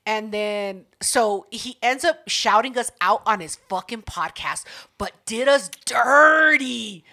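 A young woman co-hosting a podcast, telling stories in a loud, profane, animated way. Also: a little high, slow. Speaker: podcast co-host. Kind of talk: casual podcast chat.

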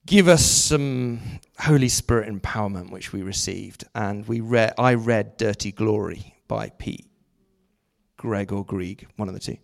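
A middle-aged man preaching a sermon, telling a story with lively, jokey asides. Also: fairly low pitch, unhurried, vocal fry.

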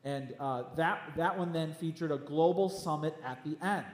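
A man preaching a sermon as pastor of his church, emphatic and animated, with quick asides. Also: on the high side. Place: church hall. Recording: echoey church hall.

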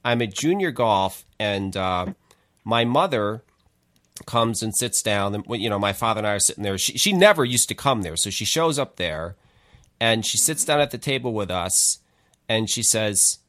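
A man in his forties hosts a relaxed talk show, spinning stories with plenty of laughter. His pitch swings widely as he tells them. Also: moderate pace. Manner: animated, laughs often while telling stories. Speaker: podcast host. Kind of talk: casual storytelling chat.

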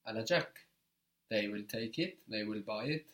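A man's voice: fairly low pitch, normal speed, fairly bright tone, a little hiss or hum. Patient man teaching a language. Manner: patient, encouraging, explains step by step. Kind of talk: guided spoken language lesson.

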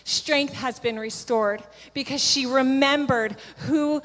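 A woman with a somewhat high voice tells a spiritual testimony to a gathering. She tells it earnestly and vividly, acting out what each person said. Her voice rings with the long reverb of a large hall. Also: slow, a bit bright. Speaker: speaker sharing a testimony.

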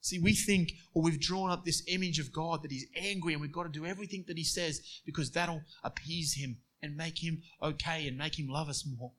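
A man preaching a sermon, moving between quiet storytelling and emphatic passages. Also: fairly high pitch, fairly even intonation, fairly quick, hardly any pauses.

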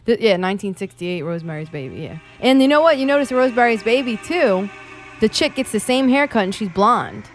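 A woman's voice: a little high, lively intonation, a little fast, faint music behind. A woman co-hosting a casual podcast, talking about movies in a profane, laughing way. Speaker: podcast co-host.

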